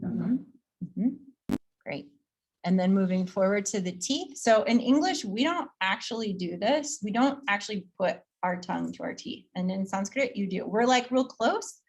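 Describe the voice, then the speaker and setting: A woman teaching Sanskrit pronunciation to a class in a casual, chatty way. She repeats each sound slowly so students can copy it, laughs easily and is upbeat. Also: mid-range voice, expressive, breathy edge. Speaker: yoga teacher training instructor.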